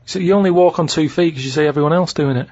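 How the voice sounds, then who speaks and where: A man's voice: a little high, darkish tone, no echo. A man with a Manchester accent chatting casually on a comedy podcast, rambling and restarting his sentences. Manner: rambling, repeats himself, halting restarts. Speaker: regular guest, diary and quiz reader. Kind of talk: casual comic chat. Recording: muffled dry studio sound.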